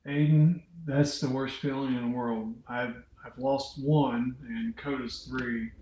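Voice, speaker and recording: A man's voice: mid-range voice, steady tone, slow, a little mellow, echoey room, low-quality recording. A man hosting an unscripted livestream, chatting casually and reading out viewers' comments as he rambles. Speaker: livestream host. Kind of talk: unscripted live chat with viewers.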